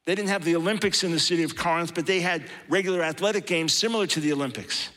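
A man's voice: fairly high pitch, quick pace, bright, forceful tone. A man preaching a sermon in an impassioned, emphatic way, building to strong peaks.

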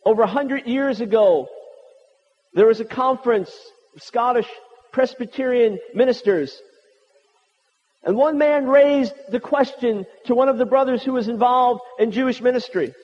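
A man's voice: very high-pitched, normal speed. A man preaching a sermon with prayer, impassioned and emphatic, repeating his points. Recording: dull sound with long hall reverb.

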